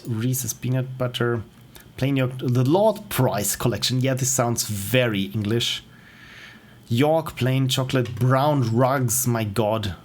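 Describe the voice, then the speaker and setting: A man's voice: medium pitch, slight background noise. A man with a German accent, a native German speaker, chatting casually on a livestream as a game developer, rambling and interrupting himself. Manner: rambling, self-interrupting, chuckles often.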